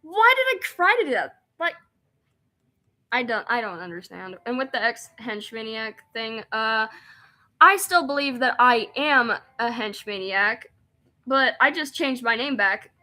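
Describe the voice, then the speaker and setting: A young woman streaming a game, reading its text aloud and chatting excitedly, often laughing and rambling. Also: a little high, a little slow. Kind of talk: casual let's-play chat, reading game text aloud.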